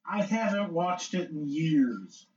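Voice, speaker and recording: A man's voice: fairly high pitch, lively intonation, slow pace, a little mellow. Earnest young male co-host. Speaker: podcast co-host. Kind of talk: casual chat. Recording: distant, dull-sounding mic.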